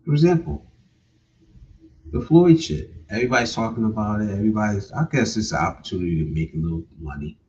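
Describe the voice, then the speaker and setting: A man's voice: on the low side, fast talker, a little mellow. A man hosting a casual livestream, laid-back, repeating his points and often ending with "man". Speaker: livestream host. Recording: distant, dull lo-fi sound.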